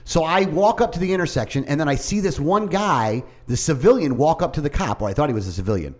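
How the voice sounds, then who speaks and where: A man's voice: on the high side, quick pace. A man telling a story in casual chat, heated and profane, acting out the other people's lines as he goes. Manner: animated, profane, heated retelling with mimicked dialogue.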